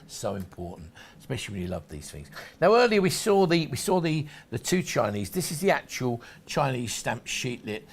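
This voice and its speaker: A man's voice: medium pitch, very animated, normal speed, hardly any pauses, slightly rough. A man hosting a shopping channel, talking through collectables in chatty, rambling sales patter with frequent restarts. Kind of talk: sales presentation.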